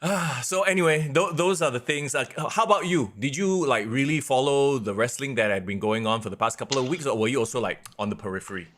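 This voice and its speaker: A man's voice: medium pitch, quick pace, hardly any pauses. A man co-hosting a wrestling podcast in a casual, rambling chat full of fillers. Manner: animated, rambling, lots of fillers. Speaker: podcast co-host.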